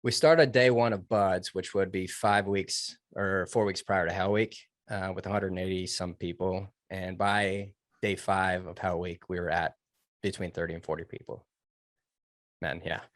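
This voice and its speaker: A man recounting his military training in an interview, earnest and emotional, with halting restarts. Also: deep voice, fairly even intonation, dry recording, clean studio sound. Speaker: guest, former Navy SEAL trainee. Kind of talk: personal story told in an interview.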